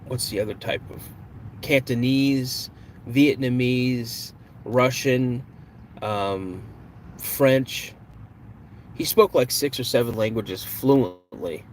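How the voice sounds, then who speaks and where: A man's voice: mid-range voice, a little hiss or hum. A man hosting a live podcast stream, chatting casually with viewers, joking and greeting them. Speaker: podcast host.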